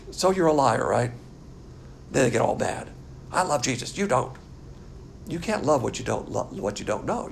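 A man's voice: on the high side, vocal fry, slight background noise. An older man teaching a Bible class as a pastor, blunt and scornful in manner. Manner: blunt, scornful, animated lecturing.

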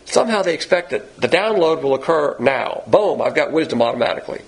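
A man's voice: fairly high pitch, big pitch swings, a little fast, few pauses, a little hiss or hum, poor audio. A man preaching a blunt Bible-teaching sermon, acting out quoted voices. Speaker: pastor.

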